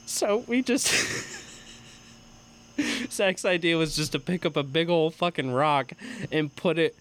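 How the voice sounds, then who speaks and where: A young man tells stories in a relaxed podcast chat. His voice sits a bit high and jumps around a lot as he gets excited, with loud cackling laughs. A faint hiss hangs in the background. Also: slow. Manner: profane, animated storytelling with loud high laughs. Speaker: podcast co-host. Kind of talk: casual storytelling chat.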